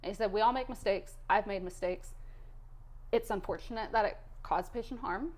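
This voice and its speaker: A woman in her thirties, a cath lab nurse, telling an emotional story in a candid, animated way during an interview. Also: medium pitch, moderate pace.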